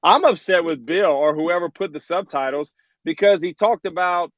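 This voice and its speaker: A man's voice: high voice, normal speed, no room sound. Teasing man on a dull, lo-fi line. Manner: teasing, mock-indignant. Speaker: podcast co-host. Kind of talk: casual sports podcast chat.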